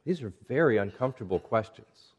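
A male pastor delivering a sermon in a measured, earnest voice. His pitch sits in the middle range, and he reads scripture aloud and slips into hushed, quiet passages. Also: animated, breathy edge, highs cut off.

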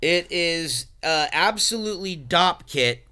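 A man joking and bantering with friends over a meal, playful and animated. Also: fairly high pitch, takes it slowly, smooth. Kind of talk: casual banter at a dinner table.

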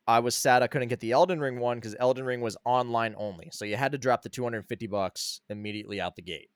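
A man co-hosting a casual podcast, retelling a story with lots of cursing and quick impressions of the people in it. His voice sits in the middle range and sounds dry and close to the mic. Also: medium pitch, clean tone, no echo. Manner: swearing, animated retelling with quoted voices. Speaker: podcast co-host.

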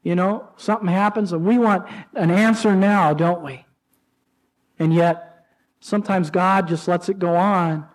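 A man preaching a sermon to his church, with rising emotional pleas and dramatic pauses. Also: high voice, darkish tone, low-quality recording. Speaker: pastor.

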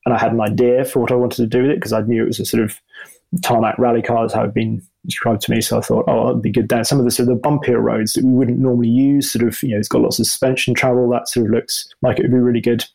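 A man's voice: medium pitch, little pitch movement, fast, vocal fry, a little mellow, low-quality recording. A middle-aged man, a motoring journalist, answering interview questions in a rambling, self-deprecating way with many restarts. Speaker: motoring journalist and video presenter.

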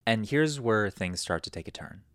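Young male podcast host, low and animated, storyteller who slips into quoted voices, dry close sound. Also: normal speed, clean tone, no echo. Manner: rambling, animated, acts out quotes in a raised voice. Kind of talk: casual storytelling.

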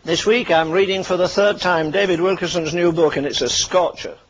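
A man's voice: sits high, fairly even intonation, normal speed, slight background noise, low-quality recording. An older man preaching a fervent sermon, firing punchy rhetorical questions and dropping dry asides between warnings.

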